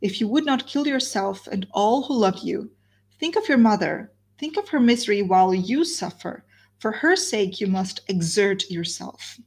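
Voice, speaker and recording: A woman's voice: medium pitch, normal speed, husky. A woman reading a novel aloud, voicing a composed young woman who urges her sister earnestly and solemnly. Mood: urging. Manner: earnest, urging, steady.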